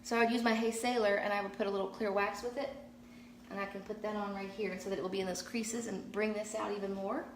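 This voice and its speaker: A woman's voice: medium pitch, fairly even intonation, fast talker, roomy sound, a little hiss or hum. A middle-aged woman chatting casually while painting on a live stream in her garage, rambling and answering viewer comments as she works. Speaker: painting vlogger. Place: garage, kneeling on concrete floor.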